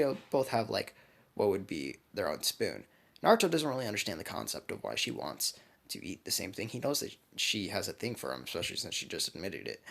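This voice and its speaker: A young man casually narrating a fan-made story for his channel. His voice is low with a gravelly creak, and it swings widely in pitch. He rambles along with fillers and the odd swear. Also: a bit bright. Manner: rambling, with many fillers and profanity. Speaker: YouTube storyteller.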